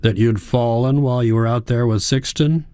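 A man's voice: medium pitch, moderate pace, dark tone, clear, resonant tone, no echo, clean studio sound, pitched above the performer's own voice, natural voice. A man voicing a worried young woman, a university student pleading earnestly with her grandfather.

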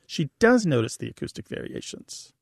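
A man explains to a caller like a linguist, lively and quick to laugh. His pitch jumps all over the place, and his voice has a gravelly edge. The sound is dry and close. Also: no room sound. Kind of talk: call-in chat, explaining.

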